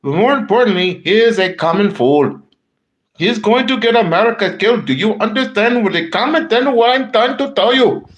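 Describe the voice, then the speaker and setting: A man's voice: sits high, animated, brisk, muffled recording. A man hosting political commentary, emphatic and repeating phrases to drive points home to his audience.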